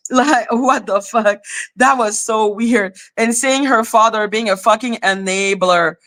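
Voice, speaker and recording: A woman's voice: on the high side, unhurried, a bit bright. A woman hosting a casual livestream commentary, a former teacher talking bluntly and swearing freely as she rants. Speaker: live commentary channel host.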